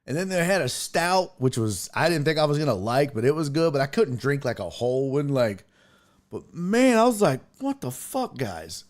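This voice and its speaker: A man's voice: a little high, normal speed. A man hosting a sports podcast, telling a rambling, profane story in casual chat. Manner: rambling, profane storytelling with animated quoted asides.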